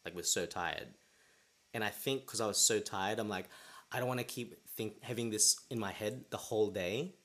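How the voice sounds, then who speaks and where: A man's voice: lowish voice, moderate pace, fairly bright tone. A young man hosting a podcast, telling a personal story in a rambling way with many restarts. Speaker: podcast host. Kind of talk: casual chat.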